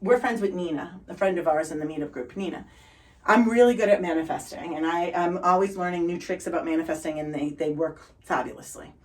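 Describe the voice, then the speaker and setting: A middle-aged woman from Boston with a Boston accent, telling upbeat stories as a guest in a conversation. She sounds energetic and relentlessly positive. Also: fairly low pitch, brisk, recorded from a distance, rough recording.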